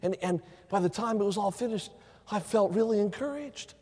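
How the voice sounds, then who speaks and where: A man's voice: high-pitched, normal speed, noisy background. A middle-aged man preaching a sermon in a church, telling stories and repeating phrases for emphasis. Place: church sanctuary. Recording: long hall reverb.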